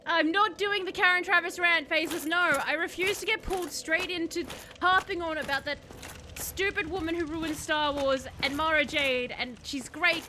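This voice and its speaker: Woman streaming a game, high voice, chats with her chat, hissy noisy recording. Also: moderate pace. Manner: chatty, reads chat aloud, bursts into excited shouts. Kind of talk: casual live-stream gameplay chat.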